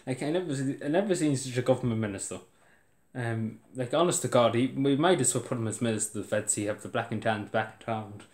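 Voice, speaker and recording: An indignant Irish man rants about politics in a mid-pitched voice, repeating himself and laughing in disbelief. His voice carries a clear room echo. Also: quick pace, darkish tone. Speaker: video blogger. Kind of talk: political rant to camera. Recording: roomy echo.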